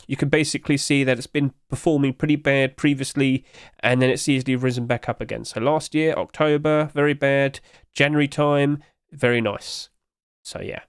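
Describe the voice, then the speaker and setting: A man's voice: medium pitch, dry recording, clean studio sound. A young man giving casual commentary on video game skins, chatty and often asking his viewers questions. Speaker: video game skin reviewer.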